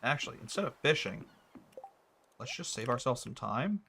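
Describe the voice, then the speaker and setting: Chatty young man thinking out loud. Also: medium pitch, big pitch swings, moderate pace, gravelly, noisy background. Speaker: gaming streamer. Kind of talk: casual let's-play commentary.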